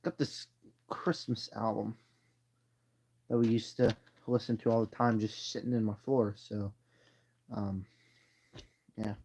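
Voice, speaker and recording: A man's voice: lowish voice, level tone, a little slow, long pauses, mellow. A man casually chatting on a live stream at home, ranking movies in a tired, rambling way with yawns. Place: home room. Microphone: phone.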